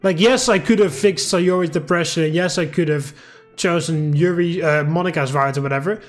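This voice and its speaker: A man's voice: on the high side, moderate pace, faint music behind. A young man playing a visual novel, casually commenting and reading the game text aloud, getting exasperated and swearing at the story's choices. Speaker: let's play gamer.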